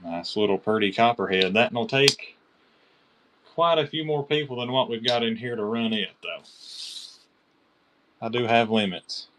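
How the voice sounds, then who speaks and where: A man with a Kentucky accent selling knives on a live-stream auction, chatty and excited, calling out bidders by name. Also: mid-range voice, a little slow, long pauses, a little hiss or hum.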